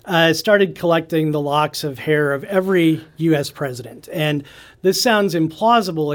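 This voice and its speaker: A man who is a history professor, speaking as a guest on a radio interview and telling stories with enthusiasm, with many fillers and restarts. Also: fairly high pitch.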